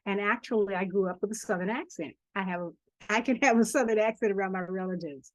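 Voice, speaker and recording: Brief: older woman, author guest, earnest storyteller, mid-pitched voice, dry close sound. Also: quick pace, dry recording. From Charleston, South Carolina family; grew up in Harlem. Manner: earnest storytelling, emphatic repetition. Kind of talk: podcast interview.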